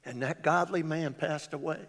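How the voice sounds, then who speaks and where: A man pastor preaching a storytelling sermon, his voice swinging loud on exclamations. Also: a little high, fairly even intonation, normal speed, gravelly. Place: large church hall. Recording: reverberant church hall.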